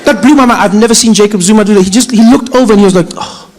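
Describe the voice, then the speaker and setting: A young adult man doing animated, playful stand-up storytelling. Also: sits high, very fast, noisy background. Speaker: comedian. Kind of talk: stand-up comedy.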